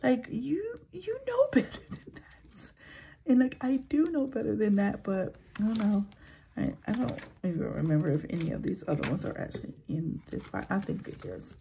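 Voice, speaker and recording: A woman in her thirties chatting casually as a budgeting vlogger. She talks softly, slips into whispers while counting cash and rambles when she vents. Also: mid-range voice, expressive, brisk, gravelly, a little hiss or hum, low-quality recording. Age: 30s. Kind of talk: casual vlog chat.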